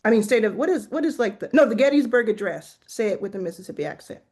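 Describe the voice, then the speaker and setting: A woman hosting a casual chat, talking in an animated way, full of restarts and "like". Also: fairly high pitch, fast. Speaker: host.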